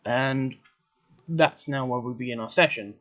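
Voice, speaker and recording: A man's voice: medium pitch, measured pace, fairly bright tone. Male game master, matter-of-fact, over muffled lo-fi voice chat. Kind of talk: running a tabletop game. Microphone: online voice chat.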